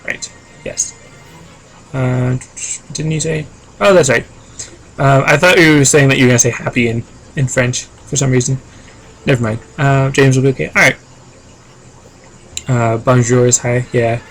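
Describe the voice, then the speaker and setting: A man's voice: medium pitch, fairly bright tone. A man chatting casually on a live game stream, reading chat aloud and rambling with lots of fillers.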